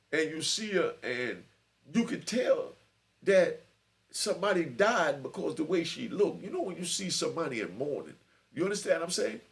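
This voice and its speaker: An older man spins a street story for younger listeners, laid back and streetwise, and he is feeling unwell. His voice sits fairly high and has a gravelly rasp. His pitch swoops up and down a lot as he acts out the people he quotes. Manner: streetwise, keeps checking in with "you know what I mean".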